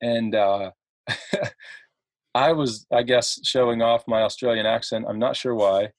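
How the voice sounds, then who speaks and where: A middle-aged man from Ohio, a podcast guest telling stories in a halting, chatty way with many fillers and laughs. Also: medium pitch, no echo. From Ohio, USA. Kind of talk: casual podcast chat.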